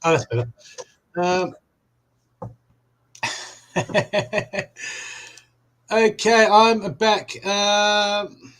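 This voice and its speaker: Chatty man, high voice. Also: animated, drawn-out words, long pauses, a bit bright, clean tone, poor audio. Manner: chatty and rambling, laughing and talking to viewers. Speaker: psychic reader hosting a live stream. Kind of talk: casual live-stream chat. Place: home room.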